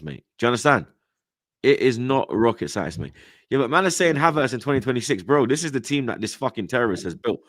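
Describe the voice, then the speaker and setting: A young man with a London accent hosting a football chat show, ranting in heavy slang and swearing as he builds to loud outbursts. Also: mid-range voice, very animated, fast talker, gravelly, no echo. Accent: London, multicultural London English slang. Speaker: football podcast host. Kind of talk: heated casual football chat.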